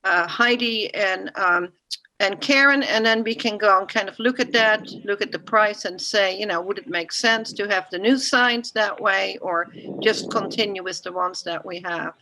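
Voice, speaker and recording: A woman chairing a town commission meeting, speaking in halting starts with many restarts. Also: medium pitch, bright, forceful tone, a little hiss or hum, low-quality recording. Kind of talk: casual meeting discussion.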